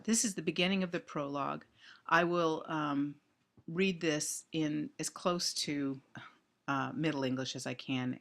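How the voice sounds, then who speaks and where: In a recorded literature lecture, a man speaks with deliberate thoughtfulness, often pausing on "um" and restarting his sentences. His mid-range voice is creaky but carries a fairly bright tone.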